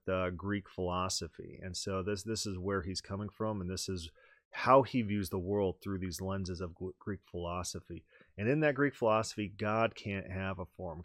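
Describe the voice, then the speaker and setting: A man with a fairly low voice hosts a teaching podcast, laying out ideas step by step in an explanatory manner. The sound is dry and close, with no room around him. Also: dry recording. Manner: explanatory, reads quoted texts aloud with rising emphasis. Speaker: podcast host. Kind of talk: teaching podcast talk with read-aloud quotations.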